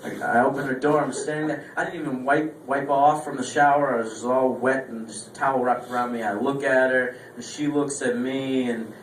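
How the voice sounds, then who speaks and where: A young man performing a stand-up comedy set, telling a story with lively acted-out voices. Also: medium pitch, fairly quick, few pauses. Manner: animated storytelling, acting out quoted voices. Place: small club stage. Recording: echoey room, distant mic, faint room noise.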